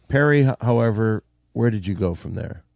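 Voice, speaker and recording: A man's voice: on the low side, animated, brisk, vocal fry, a little mellow, dry recording. A man hosting a comedy podcast, blunt and steering the conversation. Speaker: podcast host.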